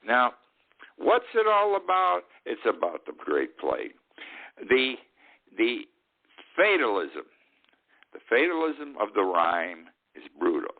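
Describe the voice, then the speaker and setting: A man's voice: medium pitch, wildly swooping pitch, takes it slowly, gravelly, long pauses. An older man hosting a radio talk show, musing in a rambling, conversational way, repeating phrases and restarting sentences with emphasis. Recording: narrow phone-like radio sound.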